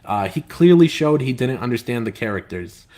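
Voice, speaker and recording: Very animated and a bit mellow, a man of medium pitch speaks at a normal speed while hosting a casual live stream. A comic book writer, he reads viewer comments aloud and rambles hesitantly, leaning on filler words with a complaining, aggrieved tone.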